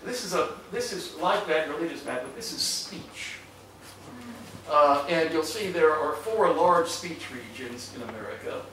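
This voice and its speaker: An older man, a historian, lectures to a room of listeners, stopping and restarting his sentences with many fillers. His voice sits slightly high for a man. He is picked up from far off in an echoey hall, with clear background hiss. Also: animated, measured pace, sharp tone. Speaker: historian giving a public talk. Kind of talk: public lecture with audience questions. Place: hall with an audience. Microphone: far room microphone. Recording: echoey hall, distant mic, noisy.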